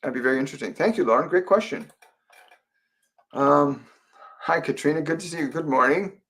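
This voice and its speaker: A man from Canada hosts a live online psychic reading session. His voice sits a touch higher than most men's, and he talks softly and haltingly, circling back to repeat phrases between fillers. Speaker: psychic medium host. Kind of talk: live-stream Q&A, channeling messages.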